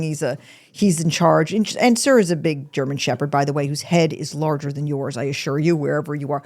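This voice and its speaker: A middle-aged woman hosts a podcast in a casual, conversational way. Her voice sits a little low, and she talks in an animated rush, often dropping one thought to start the next. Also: fairly quick. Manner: animated and chatty, breaks off mid-sentence. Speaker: podcast host. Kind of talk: casual chat.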